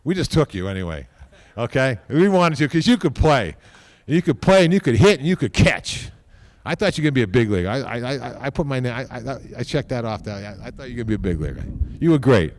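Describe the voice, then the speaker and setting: A man speaking at a podium microphone during an induction ceremony, rambling informally, repeating himself and tagging lines with a quick "okay?". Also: medium pitch, dry recording, clean studio sound. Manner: repeats words and restarts often. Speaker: team executive giving induction speech.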